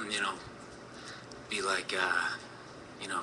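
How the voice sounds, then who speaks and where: A man's voice: sits low, moderate pace, long pauses, noisy background. A man in his thirties telling a personal story in a rambling, profane way, full of fillers.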